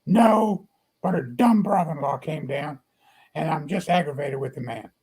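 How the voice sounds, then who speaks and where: A man voicing an irate retired handyman who gets worked up and shouts while retelling a fishing mishap. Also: fairly high pitch, moderate pace, husky. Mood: aggravated. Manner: exasperated, rising to shouts. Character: irate retired male handyman, easily riled.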